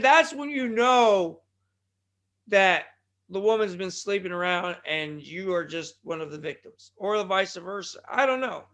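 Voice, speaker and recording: A man with a high voice hosts his wrestling podcast. He rambles from one tangent to the next in casual commentary and breaks into loud, fired-up bursts. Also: a little slow. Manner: excitable, digressive, loud bursts and mock impressions.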